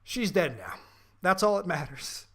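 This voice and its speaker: A young man ranting about a terrible film on a casual podcast, his voice sitting a little high. He swears freely and mimics the characters as he goes. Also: big pitch swings, unhurried, bright, forceful tone, husky. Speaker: podcast co-host. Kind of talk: casual ranting movie review.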